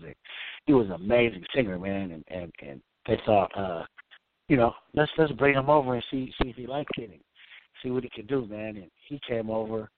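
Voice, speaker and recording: A man's voice: on the low side, no room sound. A middle-aged man from Oakland, a musician telling stories in a casual, laid-back way, peppering his talk with "man" and "you know". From Oakland, California. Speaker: musician guest. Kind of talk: casual storytelling interview. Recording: tinny phone-like line, dry.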